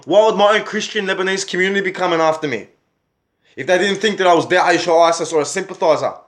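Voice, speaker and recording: A man's voice: high-pitched, brisk. An Australian man telling his own story in a vlog, agitated, swearing heavily and firing off rhetorical questions. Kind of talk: angry personal storytelling.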